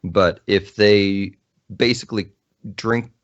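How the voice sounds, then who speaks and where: Low-voiced man explaining on a podcast. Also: steady tone, slow, lo-fi sound. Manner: thoughtful, hedging, explains with fillers. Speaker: podcast co-host. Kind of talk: casual podcast chat about games.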